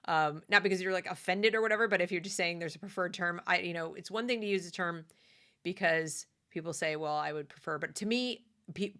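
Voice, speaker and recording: A woman's voice: fairly low pitch, a bit bright. An American woman living in the South gives a conversational, opinionated monologue with fillers and restarts. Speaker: commentary host.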